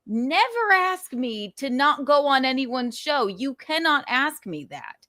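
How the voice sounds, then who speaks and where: A woman's voice: high voice, big pitch swings, slow, bright, forceful tone, dry recording, studio quality. A woman hosting her talk show, speaking in a profane, defensive and emphatic way. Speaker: show host. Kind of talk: casual talk-show commentary.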